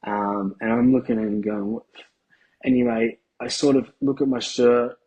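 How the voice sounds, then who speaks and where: An Australian man in his thirties, a guest telling his story bluntly in slangy, halting speech with plenty of ums. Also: medium pitch, vocal fry, a little mellow, breathy edge, highs cut off. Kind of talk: candid interview storytelling.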